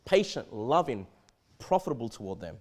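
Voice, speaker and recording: A pastor with an Australian accent preaches a sermon in church at a moderate pace and medium pitch. He's conversational and animated, often stammering and starting his sentences over.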